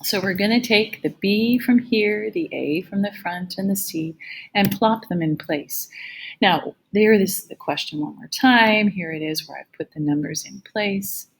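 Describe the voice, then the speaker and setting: A woman math teacher giving a recorded lecture with a slightly gravelly voice, explaining each step patiently. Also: medium pitch, measured pace, a little hiss or hum, low-quality recording.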